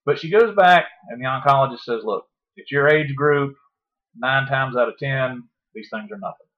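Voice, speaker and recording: A man telling a long story in casual podcast talk, profane and animated, acting out his own past words. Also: medium pitch, moderate pace. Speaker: podcast guest. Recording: dull lo-fi podcast audio.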